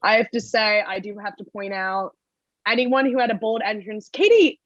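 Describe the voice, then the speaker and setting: A woman's voice: medium pitch, steady tone, moderate pace, fairly bright tone, no echo, dull audio. A woman in her twenties from New Jersey hosting a casual podcast chat, upbeat and steering the talk with blunt opinions.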